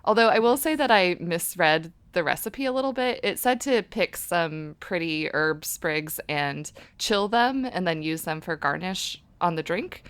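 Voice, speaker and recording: A woman co-hosts a podcast, with a voice pitched a little low for a woman, recorded dry and close. She chats casually and laughs easily while telling a story. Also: animated, a little slow, hardly any pauses, fairly bright tone, clean tone, dry recording. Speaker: podcast co-host. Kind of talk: casual chat.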